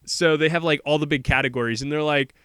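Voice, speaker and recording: Man on a podcast, slightly high voice, smooth and clear, dry close sound, retelling a plot casually. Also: fairly even intonation, fairly bright tone, no echo. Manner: rambling storyteller, quick quoted character voices. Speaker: podcast co-host. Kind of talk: casual movie recap chat.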